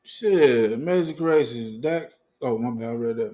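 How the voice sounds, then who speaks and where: Talking straight to his viewers on a fan livestream, this sports host swears freely, leans hard on slang, laughs a lot and keeps restarting as he reads chat aloud in an animated rant. His medium-pitched voice moves at an unhurried pace.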